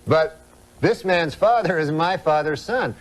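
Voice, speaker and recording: A man's voice: a little high, a little slow, natural voice. A man voicing a blunt, offhand big-city cab driver who loves riddles. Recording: TV studio audience, noisy broadcast.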